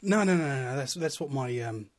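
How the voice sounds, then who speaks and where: A man chatting casually in a relaxed, slangy way, chuckling as he talks. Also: mid-range voice, fairly quick. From New Zealand. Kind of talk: casual conversation.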